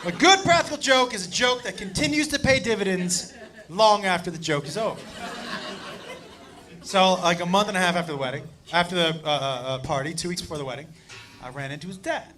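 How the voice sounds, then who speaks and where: Very high-voiced man doing loud stand-up. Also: a little fast, soft background music. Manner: loud, animated, profane, often shouting to the crowd. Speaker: stand-up comedian. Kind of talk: stand-up storytelling. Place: comedy stage before a live audience. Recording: live club recording with crowd laughter and noise.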